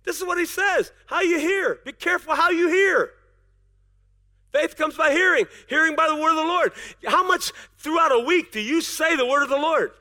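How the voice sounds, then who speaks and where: A man's voice: extremely high pitch, bright, forceful tone. A male pastor preaching a sermon in a conversational way, acting out little dialogues and often restarting words. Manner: repeats words in quick restarts.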